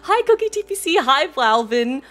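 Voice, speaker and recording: A woman streaming a game to her chat, bubbly and excitable, laughing often, swearing casually and saying y'all. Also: high voice, normal speed. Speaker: Twitch streamer. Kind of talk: casual live-stream chat while gaming.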